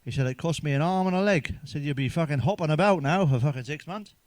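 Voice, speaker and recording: Sweary comedian, dry sound. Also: male voice, on the high side, fast talker, no room sound. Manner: sweary, chuckles at his own jokes. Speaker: stand-up comedian. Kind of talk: crude joke-telling monologue.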